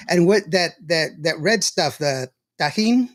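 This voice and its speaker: A man's voice: a little high, measured pace. A man hosting a casual show, chatty and laughing often as he tells stories. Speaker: show host. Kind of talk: casual livestream chat.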